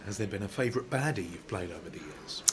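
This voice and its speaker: A man's voice: sits low, animated, fast, slight background noise. A man hosting a podcast, asking brief, direct interview questions.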